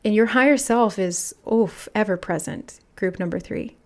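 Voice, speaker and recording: Soft-spoken woman giving a tarot reading. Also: mid-range voice, normal speed. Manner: musing, soft-spoken, channeling aloud. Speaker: tarot reader. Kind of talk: intuitive spiritual reading.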